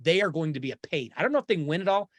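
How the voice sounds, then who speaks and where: A man hosting a sports talk show, talking in an animated, opinionated and jokey way. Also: on the high side, rapid-fire, no echo. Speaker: podcast host.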